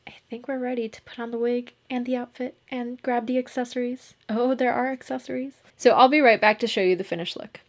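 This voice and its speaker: A woman chatting casually through a makeup and cosplay tutorial, talking in a chatty, self-deprecating way and laughing at herself. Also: mid-range voice.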